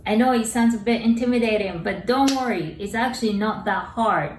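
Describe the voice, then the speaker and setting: A woman's voice: a little high, echoey room, recorded from a distance, a little hiss or hum, poor audio. Upbeat Japanese-accented woman teaching. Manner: upbeat, slow careful pronunciation drills. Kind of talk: friendly language lesson.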